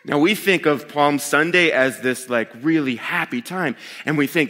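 A man preaching a sermon as pastor, talking in a lively, conversational way that swings between excited bursts and hushed asides. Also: fairly high pitch, normal speed, hardly any pauses. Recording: long hall reverb.

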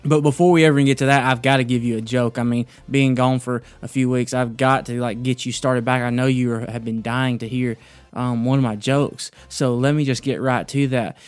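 A man hosts a casual devotional talk, halting and restarting often as he tells a joke and then talks through scripture. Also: mid-range voice, fairly even intonation, smooth, no room sound. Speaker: podcast host.

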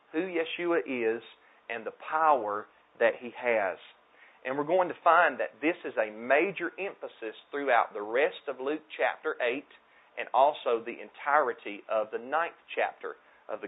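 Male pastor, mid-pitched, preaching with emphatic repetition; thin phone-like sound. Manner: emphatic, repeats key phrases. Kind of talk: sermon. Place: church sanctuary at a pulpit.

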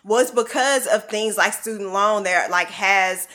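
A bright, clear-toned woman talking on a casual panel show. She speaks earnestly and with strong opinions, circling her points and leaning on "like" and "you know". The delivery stays loose and conversational. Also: mid-range voice, measured pace. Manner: rambling, leans on "like" and "you know" fillers.

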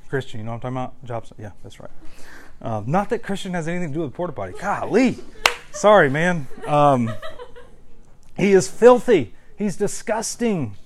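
Emphatic preacher man, higher voice. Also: sing-song, moderate pace. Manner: conversational and emphatic, repeats words for stress. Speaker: pastor. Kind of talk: sermon.

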